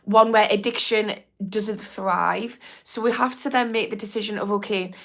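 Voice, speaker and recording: A woman's voice: medium pitch, fairly even intonation, moderate pace, gravelly, a bit bright. A young woman from England with a Geordie accent, an addiction therapist chatting frankly on a livestream, swearing and laughing as she reads comments. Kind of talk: casual livestream talk reading chat comments.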